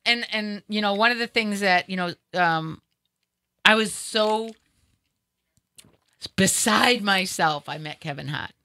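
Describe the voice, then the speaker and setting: A woman's voice: mid-range voice, slow pace, pauses often, bright, forceful tone, no room sound. A woman with a Boston accent, a radio host, chatting effusively and stammering over repeated words. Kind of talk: casual chat.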